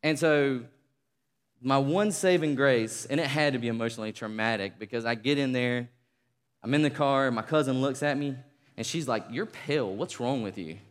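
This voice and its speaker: A man preaching a sermon, telling a story in an animated, conversational way. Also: mid-range voice, normal speed, clear, resonant tone, in a large hall. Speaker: pastor.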